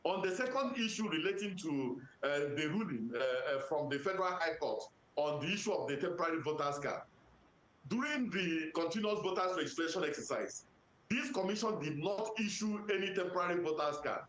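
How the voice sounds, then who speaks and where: A man with a Nigerian accent, an electoral commission official giving formal, measured answers to press questions and citing legal sections methodically. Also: on the high side, animated, fairly bright tone. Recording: roomy echo.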